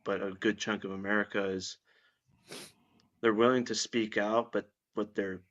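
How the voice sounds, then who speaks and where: Man, podcast guest, blunt, opinionated, profane, deep-ish voice, muffled lo-fi audio. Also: flat delivery, normal speed, fairly bright tone. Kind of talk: casual podcast chat. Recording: dull lo-fi sound.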